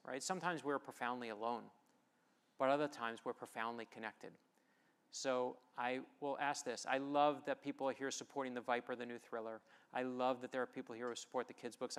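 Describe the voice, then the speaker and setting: A middle-aged man giving an inspirational storytelling speech at a festival, emphatic and animated as he acts out conversations. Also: mid-range voice. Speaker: author giving a festival talk. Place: festival stage before an audience.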